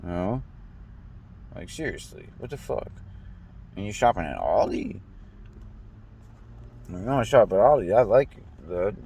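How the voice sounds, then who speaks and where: Low-voiced young american dude ranting, cussing a lot, keeps stumbling and restarting. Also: male voice, big pitch swings, unhurried, long pauses, mellow, a little hiss or hum. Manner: profane, rambling, stammers and restarts. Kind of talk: casual rant.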